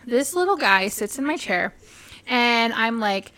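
Animated woman hairstylist telling a story. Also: a little high, normal speed. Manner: animated, acts out voices, laughs often. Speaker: hairstylist, podcast co-host. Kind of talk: casual storytelling chat.

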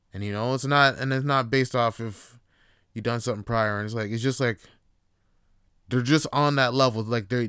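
A man's voice: medium pitch, a bit bright, smooth, no room sound, clean studio sound. A man hosting a casual solo podcast, rambling through his thoughts with frequent fillers and restarts. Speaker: podcast host.

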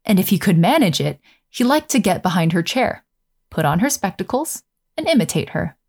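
A woman narrating a fairy tale in a gentle, measured storytelling manner. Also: on the low side, big pitch swings, gravelly, slightly rough.

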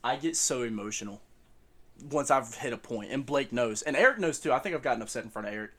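A young man co-hosting a casual sports podcast, animated and laughing, calling everyone bro. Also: mid-range voice, fast talker. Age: young adult. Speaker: podcast co-host. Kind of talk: casual chat.

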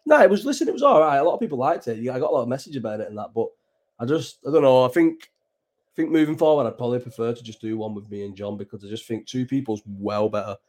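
A man's voice: mid-range voice, animated, fast, a little mellow. Sweary young man in rambling chat. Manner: loose, sweary, rambling banter with many restarts. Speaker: livestream host. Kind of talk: casual chat.

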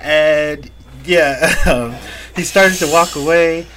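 Here the young co-host's voice is on the high side and his pace is slow, with a touch of hiss or hum behind him. He keeps up the casual podcast chat, telling stories full of profanity and laughter and yelling out quotes as he acts them.

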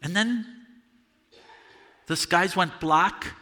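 A man performing a first-person monologue as the Apostle Peter, earnest and confessional, halting over repeated words. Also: high voice, sharp tone, long reverb tail, full character voice. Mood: despondent. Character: Apostle Peter, a remorseful fisherman recounting his denial. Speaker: dramatic monologue performer at a church service. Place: church sanctuary.

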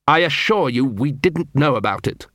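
A man's voice: animated, normal speed, a bit bright, no echo, clean studio sound, lightly acted. A man reading an audiobook, voicing a pompous, flustered male clown guild leader who blusters indignantly. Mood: anxious. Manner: blustering, indignant, rising pitch.

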